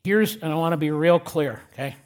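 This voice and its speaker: A male pastor preaching a sermon in a church, blunt and direct, repeating key lines and slowing down to drop his voice on the important words. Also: fairly high pitch.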